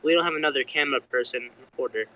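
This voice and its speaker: Man, fast talker, bright sharp tone, eager, trips over words. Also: medium pitch, poor audio. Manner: eager, hesitant, stumbles and restarts. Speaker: podcast co-host. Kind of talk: casual group chat.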